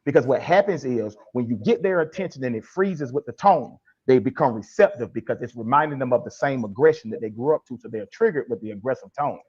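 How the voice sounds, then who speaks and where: A man's voice: medium pitch, animated, fast, hardly any pauses, darkish tone, breathy edge. A man speaking as a guest life coach in a podcast interview, emphatic and preachy, acting out blunt tough-love lines. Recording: dull lo-fi sound.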